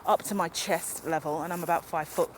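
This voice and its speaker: A woman's voice: lowish voice, brisk, a little hiss or hum. Brief: woman, walk-and-talk vlogger, chatty and self-mocking, recorded outdoors on a handheld camera. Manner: rambling, animated and self-mocking. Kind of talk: unscripted walk-and-talk vlog. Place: outdoors in a park or woodland. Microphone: handheld camera while walking.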